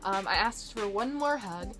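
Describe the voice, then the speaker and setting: A woman's voice: medium pitch, animated, a little slow, music in the background. A woman in her twenties telling a story to camera as a vlogger, gushing and bubbly, repeating words for emphasis. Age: 20s.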